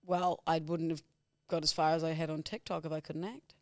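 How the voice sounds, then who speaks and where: A man's voice: on the high side, little pitch movement, fairly quick, no room sound, studio quality. A man in his thirties co-hosting a comedy podcast in casual banter, playful and jokingly boastful. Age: 30s. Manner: playful, self-mocking, boastful in jest. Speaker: podcast co-host.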